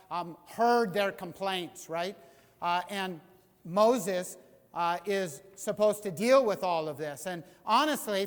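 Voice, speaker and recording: A man preaches from the pulpit, his voice sitting high for a man. He acts out the quotes he tells with energy, and a long reverb from the sanctuary trails each phrase. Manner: animated, acting out voices in quotes. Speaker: pastor. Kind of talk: sermon. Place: church sanctuary.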